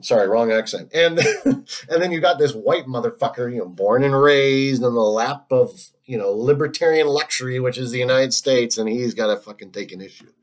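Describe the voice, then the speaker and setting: A man hosting a solo stream, talking in a casual, rambling monologue full of restarts, fillers and frequent laughs. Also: mid-range voice. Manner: halting, many restarts and fillers, laughs often.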